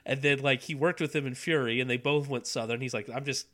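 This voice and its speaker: Bright, jokey man on a podcast. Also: medium pitch, fast. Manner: jokey, riffing, sarcastic asides. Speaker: podcast co-host. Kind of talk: casual chat.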